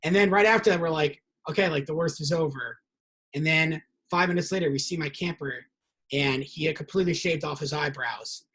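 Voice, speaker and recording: A young man hosting a casual interview, who tells animated stories and acts out the quotes in them. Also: fairly high pitch, brisk, slightly rough, low-quality recording. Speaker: podcast host.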